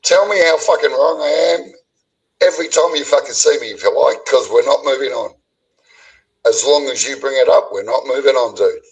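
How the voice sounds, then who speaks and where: A man's voice: mid-range voice, normal speed, breathy edge, recorded from a distance, rough recording. An Australian man on a live stream call, ranting angrily and swearing constantly, his voice sitting a bit back from the microphone. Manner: angry, profane, ranting. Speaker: stream guest. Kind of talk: heated casual chat.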